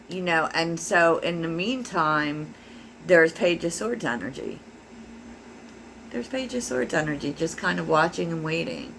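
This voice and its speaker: A woman with a fairly low voice gives a casual tarot reading to her viewers. She muses aloud as she talks, with lots of fillers. A faint hum of room ambience sits behind her. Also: a bit bright. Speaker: tarot reader.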